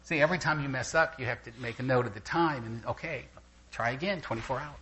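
An older man preaching a sermon to a congregation, telling anecdotes in an animated way and laughing as he goes. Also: medium pitch, quick pace, low-quality recording. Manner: animated storyteller who laughs through anecdotes. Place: church gathering with a live audience.

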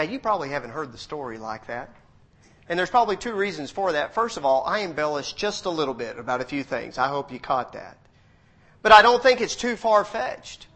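A male pastor preaching a sermon, retelling a story dramatically and moving between hushed narration and loud, fervent passages. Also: medium pitch, a little hiss or hum.

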